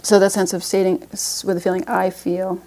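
A woman's voice: medium pitch, level tone, fast, warm tone. A woman leads a meditation-based parenting class in a loose, conversational way. She often restarts her sentences and slips in light laughs as she explains. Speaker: meditation teacher.

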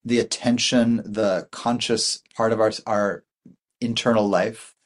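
A man's voice: on the low side, steady tone, a little slow. A man in his forties giving a dharma talk as a Buddhist meditation teacher, rambling and thoughtful, with many fillers and restarts.

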